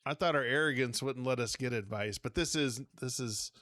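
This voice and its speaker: A man's voice: mid-range voice, a little fast, fairly bright tone, no echo, clean studio sound. A man co-hosting a casual podcast who laughs a lot and reads a gamebook aloud in a playful way. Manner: laughing, playful, reads with put-on character voices.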